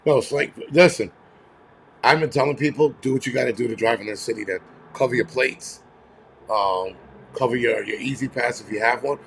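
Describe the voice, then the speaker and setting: A man's voice: mid-range voice, moderate pace, gravelly, fairly bright tone, slight background noise. A man hosting a casual livestream, ranting bluntly with a lot of swearing and rambling asides. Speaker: livestream host. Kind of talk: casual angry livestream rant. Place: home near a terrace.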